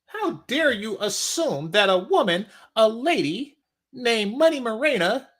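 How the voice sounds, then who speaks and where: A man putting on the voice of an offended, haughty woman, mocking her with high-pitched indignation. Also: sing-song, a little slow, fairly bright tone, heavily acted. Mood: indignant.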